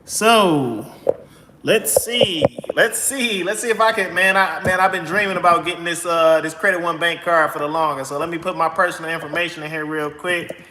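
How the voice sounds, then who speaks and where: A man doing a comic skit, excitedly filling out a credit card application, rushing and repeating himself over and over. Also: fairly high pitch, a little hiss or hum. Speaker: host of a credit advice channel. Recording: echoey room with long reverb.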